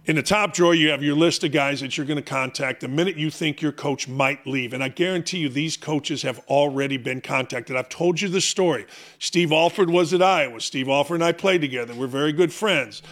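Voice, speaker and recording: A man's voice: a little high, a little fast, fairly bright tone. A middle-aged man hosting a sports talk show, ranting in an opinionated monologue, mocking himself and hammering rhetorical questions.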